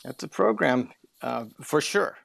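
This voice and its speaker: A man's voice: mid-range voice, animated, measured pace, gravelly, fairly bright tone, dry recording. A man co-hosting a sports podcast, chatting casually in a rambling way with folksy joking asides.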